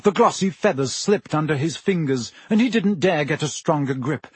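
A man narrates an audiobook with an expressive storytelling delivery. His voice sits a little high and has a husky grain. The recording is dry and close. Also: moderate pace, no echo. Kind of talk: audiobook reading.

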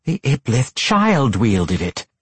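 A man's voice: on the low side, very animated, slow pace, slightly rough, dry recording, full character voice. A man voicing a cold drow matron mother. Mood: commanding. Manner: commanding, sharp, spiteful. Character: cold imperious drow matriarch, female. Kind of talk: audiobook character voice.

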